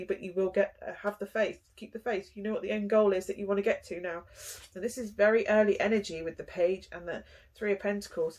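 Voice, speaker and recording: A young woman giving a casual tarot reading, chatty and animated, with frequent sighs and small gasps. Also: medium pitch. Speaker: tarot reader.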